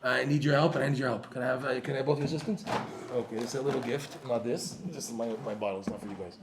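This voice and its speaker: A man giving a lively Torah class to a live audience, joking and using Hebrew terms. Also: mid-range voice, racing, background noise. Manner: animated, jokey, uses Hebrew terms. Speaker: Torah teacher.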